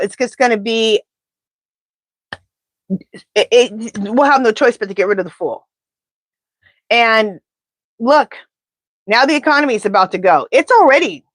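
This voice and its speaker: A woman doing a live pendulum reading, talking in an animated, indignant, chatty way. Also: on the high side, no room sound. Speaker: tarot reader.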